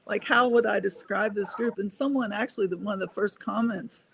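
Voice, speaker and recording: A woman's voice: medium pitch, fairly even intonation, brisk, gravelly, fairly bright tone, husky. An older woman, a guest speaker on a panel, chatting casually and laughing often.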